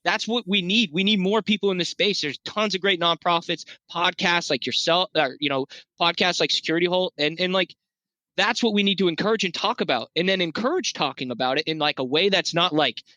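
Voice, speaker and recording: A man's voice: sits high, a little fast, dry recording. A man talking as a podcast guest in loose, profane conversation, often restarting his sentences. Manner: animated, profane, rambling with restarts. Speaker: podcast guest, veterans' nonprofit founder.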